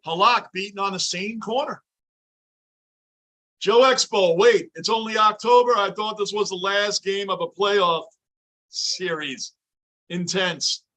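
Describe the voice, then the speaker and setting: High, bright-voiced ranting sports fan man. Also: measured pace, pauses often. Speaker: livestream host. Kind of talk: live sports reaction commentary. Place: home basement.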